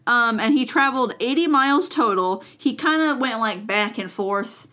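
A woman's voice: on the high side, moderate pace, pushed and bright. A woman co-hosting a casual history podcast, telling the story in a chatty way with many fillers. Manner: chatty, many fillers, playful voices for quotes. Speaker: podcast co-host.

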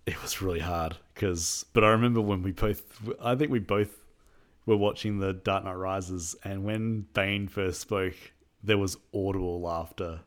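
A man co-hosting a casual film chat, animated and quick to act out movie quotes. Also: low-pitched. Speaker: podcast co-host. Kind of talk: casual chat about films.

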